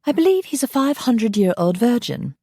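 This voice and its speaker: A woman reads as a haughty vampire club owner with a snooty British accent, looking down on everyone. Her delivery is crisp and superior in a dry audiobook reading. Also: a little high, very animated, brisk, mellow, no echo, pitched above the performer's own voice.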